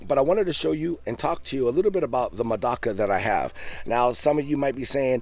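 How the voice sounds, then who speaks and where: A man vlogging outdoors beside his backyard koi pond, talking casually and eagerly into a handheld phone camera, his voice jumping up on the exciting bits. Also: fairly quick. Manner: enthusiastic, chatty, pitch jumps up on exciting points. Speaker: fish keeper vlogger. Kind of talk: casual show-and-tell vlog.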